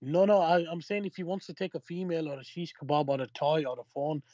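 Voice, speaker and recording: Slightly high-voiced guy, hesitant and defensive, kinda muffled lo-fi sound. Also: fast, darkish tone. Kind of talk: heated religious debate.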